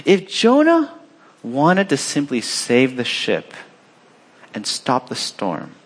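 A man preaching a sermon, reading scripture aloud and explaining it in a conversational way, acting out the characters with sharp jumps in pitch. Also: slow pace, slightly rough. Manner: animated, acts out the sailors with sharp rises in pitch; conversational, with fillers and restarts. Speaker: pastor.

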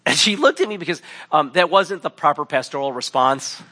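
A man's voice: a little high, animated, fairly quick, bright, forceful tone. A pastor in his thirties giving a sermon in a conversational, wry storytelling way.

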